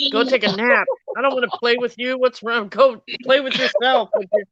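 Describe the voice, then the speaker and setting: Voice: mid-range voice, moderate pace, a bit bright, dry recording, lo-fi sound. A guest on a casual livestream chat, chatty and teasing, laughing easily.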